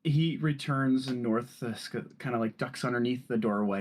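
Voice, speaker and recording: A man runs a tabletop role-playing game as game master. He narrates casually, filling gaps with ums and kinda. His voice sits at an ordinary middle pitch. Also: normal speed, hardly any pauses, darkish tone. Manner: casual, many fillers like um and kinda.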